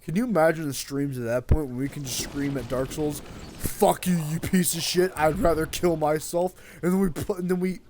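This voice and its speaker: A man's voice: on the high side, moderate pace, slight background noise. A young man streaming a game, rambling and swearing freely in casual chat with a friend. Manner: rambling, excitable, swears a lot.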